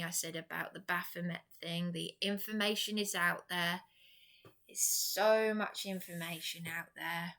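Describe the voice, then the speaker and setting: A woman's voice: on the low side, fairly bright tone. An upset English woman speaking straight to camera in a rambling, impassioned personal vlog. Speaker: vlogger.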